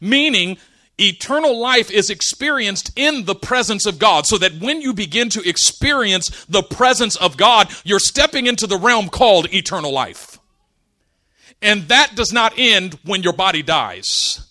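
A man's voice: sits high, unhurried. A man preaching a sermon, mixing scripture with funny family stories and laughing often. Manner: animated storytelling, laughs often.

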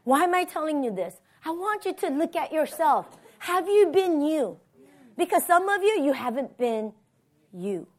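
A woman's voice: high-pitched, big pitch swings, normal speed, a little mellow. A woman pastor giving a conversational sermon, telling personal stories and often checking in with "right?". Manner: personal storytelling, tags lines with "right?".

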